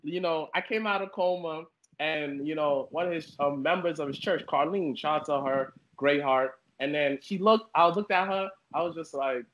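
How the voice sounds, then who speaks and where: A young man hosting a casual podcast interview, telling stories in a slangy, laughing, animated way. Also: a little high, moderate pace, few pauses, slight background noise, low-quality recording. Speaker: podcast host.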